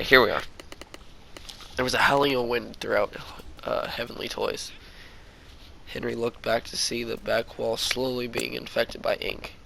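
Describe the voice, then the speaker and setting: Guy reading his own fan story, chatty and jokey, very gravelly voice. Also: medium pitch, bright, forceful tone, slight background noise. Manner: chatty, self-mocking asides.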